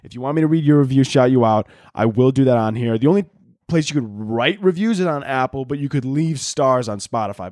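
A man's voice: mid-range voice, lively intonation, fairly quick, a little mellow, no room sound, studio quality. A man from the Chicago area hosting a casual solo podcast, rambling and swearing with lots of filler words. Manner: profane, rambling, filler-heavy. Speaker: podcast host.

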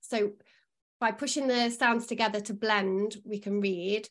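A woman's voice: mid-range voice, steady tone, measured pace, a bit bright. A woman, an early learning expert, giving patient, reassuring explanations as a podcast guest.

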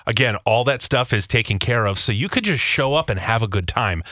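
A man's voice: medium pitch, expressive, fairly quick, pushed and bright, no echo, studio quality. A man hosting a radio show, reading an ad and then questioning his co-hosts in casual banter. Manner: leading, asks pointed questions.

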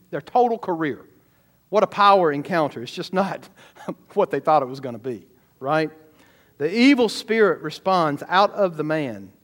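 Animated high-voiced preacher. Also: male voice. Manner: animated preaching, sudden shouts and asides to the congregation. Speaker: pastor. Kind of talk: sermon.

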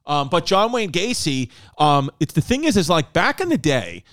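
Male podcast host, rambling storyteller, slightly high voice, dry close sound. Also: sing-song, moderate pace, a bit bright, no room sound. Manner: rambling storytelling with many fillers and restarts. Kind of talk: casual chat.

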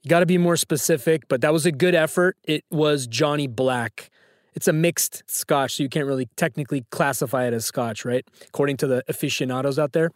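A man's voice: a little high, fairly even intonation, fairly quick, no room sound, clean studio sound. A man hosting a phone-in trivia quiz, teasing and joking with callers. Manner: playful, teasing. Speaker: trivia show host.

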